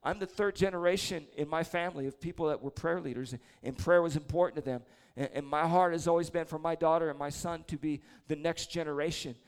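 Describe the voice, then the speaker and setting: A man's voice: on the high side, steady tone, quick pace, hardly any pauses, clear, resonant tone. A man in his forties preaching a sermon to a church congregation, telling chatty, self-deprecating stories with humor. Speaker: prayer leader preaching. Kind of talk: storytelling sermon. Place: church service before a congregation.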